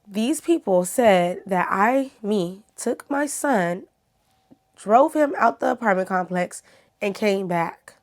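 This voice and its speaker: Woman vlogger, chatty storyteller talking straight to her audience, mid-pitched voice. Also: expressive, slow. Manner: chatty, talks straight to viewers. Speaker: YouTuber. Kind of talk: casual storytime vlog.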